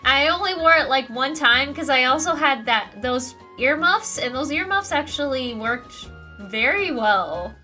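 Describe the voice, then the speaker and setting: A woman's voice: high voice, lively intonation, measured pace, hardly any pauses, sharp tone, soft background music. A young woman streamer chatting casually about a trip, rambling and laughing often. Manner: giggly, rambling, frequent laughter.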